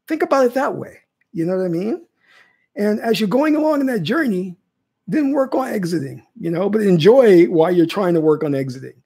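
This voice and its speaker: Very animated and brisk, this man's high-pitched voice is creaky, mellow and slightly rough. He is a spiritual teacher answering viewer questions in casual livestream talk, frequently checking in with "okay?" and repeating phrases.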